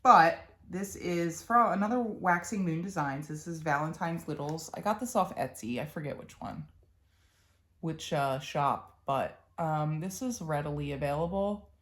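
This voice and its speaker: A young woman with a Philadelphia accent talks in a low voice, rambling casually through her crafting projects. She trails off and restarts often, with plenty of ums along the way. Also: measured pace. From Philadelphia, USA. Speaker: cross-stitch vlogger.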